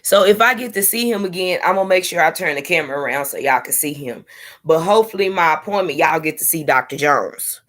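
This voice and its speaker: A young woman in casual live-stream chat, candidly talking to her viewers with sassy asides. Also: sits low. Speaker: vlogger sharing her IVF journey.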